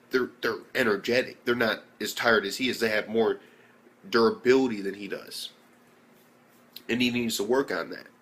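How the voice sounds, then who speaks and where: A man's voice: fairly low pitch, a bit bright. A young man casually reviewing an anime episode, rambling loosely with lots of fillers and swearing.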